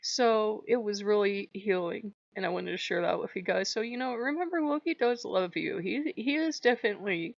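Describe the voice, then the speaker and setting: A woman vlogger speaks openly and emotionally to the camera, her voice stuffed up from a recent cry and full of gravelly fry. The sound is dull and lo-fi, and the room is dry. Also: mid-range voice, normal speed, hardly any pauses, dry recording. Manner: candid, emotional, laughing through tears. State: stuffed-up nose after crying. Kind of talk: personal vlog talk.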